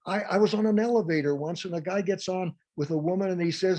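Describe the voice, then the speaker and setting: A man with a high voice leads a live workshop. He teaches with humor and keeps coming back to little stories from his own life. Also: fairly quick, few pauses, a little mellow. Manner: humorous, anecdote-driven teaching. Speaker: workshop presenter.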